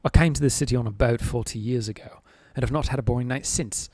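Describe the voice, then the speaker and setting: A man's voice: medium pitch, quick pace, darkish tone, husky, dry recording, clean studio sound, close to an everyday voice. A man doing an earnest, careful attempt at a British accent, voicing a worldly city dweller. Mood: reminiscing.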